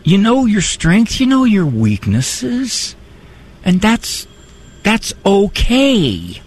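A middle-aged man with a high, slightly rough voice speaks extremely slowly with huge swings in pitch. He hosts a call-in radio show as a psychologist, delivering a talk-radio monologue in a wry, conversational way with preachy asides.

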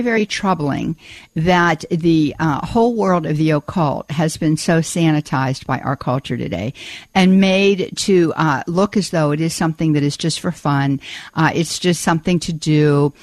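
A woman's voice: deep voice, dry recording. Earnest woman radio host, dry studio. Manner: earnest, measured, repeats words while searching. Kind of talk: Catholic call-in radio talk. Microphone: studio microphone.

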